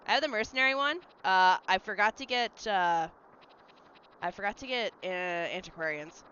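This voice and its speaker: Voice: mid-range voice, normal speed, sharp tone, slight background noise. A livestreamer in casual, rambling chat while gaming at home, answering messages from chat. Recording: slightly dull lo-fi mic. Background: faint game music.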